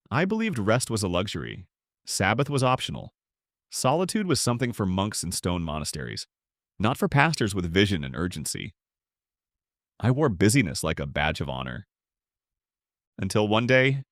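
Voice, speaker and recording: A middle-aged man, a pastor, narrating his own book in a measured, reflective storytelling manner. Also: lowish voice, no echo, studio quality. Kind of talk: scripted audiobook narration.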